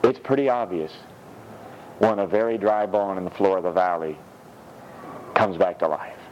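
A man preaching a sermon in a church, reading scripture with animated, rising delivery. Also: moderate pace, dull audio, slight background noise. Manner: animated, rises high when reading scripture.

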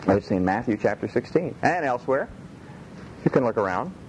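Animated folksy male preacher. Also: mid-range voice, normal speed, slight background noise, low-quality recording. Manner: folksy, animated, repeats phrases. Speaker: pastor. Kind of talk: sermon.

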